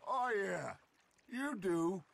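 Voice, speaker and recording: An actor playing a charismatic male outlaw gang leader with a gravelly, theatrical way of talking. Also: sits high, animated, very slow, a bit bright, exaggerated voice. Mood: reminiscing.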